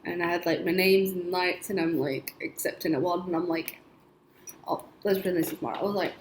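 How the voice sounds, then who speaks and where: In an echoey room with faint noise, a young vlogger with a lowish voice and fairly even intonation recounts her dreams at a moderate pace. She tells them casually and chattily, rambling, saying "like" often and laughing a little.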